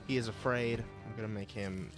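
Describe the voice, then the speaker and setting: A man acting as game master, making rulings in a relaxed way and laughing often. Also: on the low side, fairly quick, soft background music. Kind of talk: running a tabletop game.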